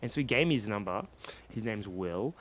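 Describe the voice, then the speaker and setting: A man co-hosting a comedy podcast, telling a story in a lively, casual way and acting out other people's lines. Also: lowish voice, brisk, a crowd in the background. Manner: animated, acts out other people's lines in quotes.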